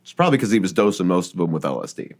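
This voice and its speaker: A man hosting a relaxed podcast conversation, with a voice that rises and falls a lot as he tells his story. He talks informally and fills gaps with "uh" and "like" as he goes. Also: low-pitched, racing. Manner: lively, researched storytelling with frequent fillers. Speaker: podcast host. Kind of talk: casual podcast chat.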